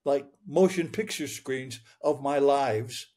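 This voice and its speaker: A man's voice: medium pitch, slow pace, a little mellow. A man in his eighties from Michigan, a guest telling a long personal story earnestly, often repeating his words as he goes. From Michigan, United States. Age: 80s. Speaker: interview guest. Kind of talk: storytelling interview.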